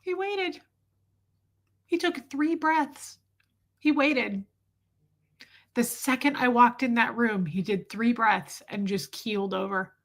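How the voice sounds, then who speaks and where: A woman's voice: fairly high pitch, slow, long pauses. A woman hosting a podcast, telling a personal story in a rambling, candid, emotional way and swearing freely. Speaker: podcast host.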